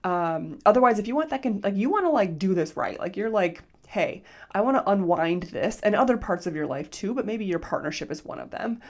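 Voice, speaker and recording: A life coach in her thirties hosts her podcast solo, chatting casually with lots of "like" and quoting herself in little voices as she slips into dialogue. Her medium-pitched voice is expressive, a little fast, and somewhat dark in tone.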